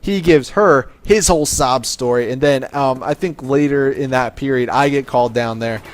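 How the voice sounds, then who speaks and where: A man's voice: medium pitch, normal speed, no room sound. A young man telling a casual, profane story to camera, with a swaggering manner and plenty of fillers and restarts. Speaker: vlogger telling a life story.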